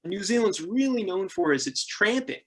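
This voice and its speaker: This thirtysomething man, voice a touch high and husky, recounts his travels at a normal pace as a podcast guest in a relaxed storytelling interview. Laughing often, he acts out the characters he quotes with sudden leaps in pitch.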